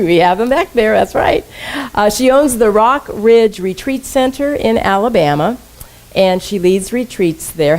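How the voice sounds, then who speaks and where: A woman's voice: lowish voice, darkish tone, poor audio. Woman minister, conversational sermon voice, engages congregation with questions. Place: church sanctuary.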